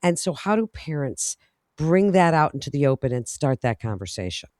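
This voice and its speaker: A woman's voice: low-pitched, sing-song, moderate pace, darkish tone, no echo, clean studio sound. A woman in her fifties hosts the interview, framing her questions at length in a friendly way. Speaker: host.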